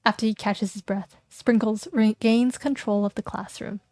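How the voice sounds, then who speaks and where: A woman's voice: mid-range voice, fairly even intonation, normal speed, a little mellow, no room sound. A young woman streaming, reading a game aloud, playful and joking with chat on a close mic. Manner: playful and giggly, jokes with chat. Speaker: vtuber streamer.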